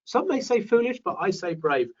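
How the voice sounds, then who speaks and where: Brief: British male host, chatty and upbeat, higher voice, recorded off-mic and dull. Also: sing-song, moderate pace, recorded from a distance. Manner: chatty, reads out viewer names. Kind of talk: live webinar chat.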